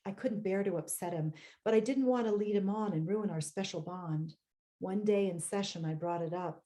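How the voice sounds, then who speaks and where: With a lowish, steady, dark-toned voice, a woman reads from the memoir she wrote. She is measured and reflective, offering short personal asides, and the audio comes from a home computer mic on a video call.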